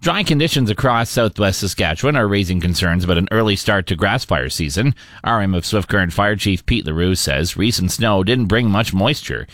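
A man reading a local radio newscast in a steady, measured newsreader manner. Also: lowish voice, no echo, studio quality. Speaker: radio news anchor.

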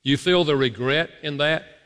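A man with a fairly high, forceful voice teaches an audience in an earnest, emphatic way, speaking straight to his listeners. His words ring out with a long reverb from a large hall. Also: normal speed. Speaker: speaker on marriage and apology.

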